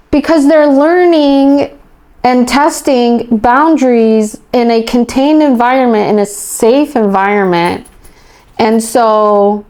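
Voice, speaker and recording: A woman's voice: on the high side, darkish tone. A woman parent coach answering podcast interview questions in an emphatic, enthusiastic way, often acting out what parents and children say.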